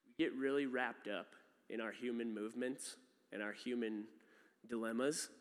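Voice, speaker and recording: A man preaching a sermon in a loose, conversational way, full of fillers and quick asides. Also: medium pitch, fairly even intonation, long reverb tail. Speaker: pastor.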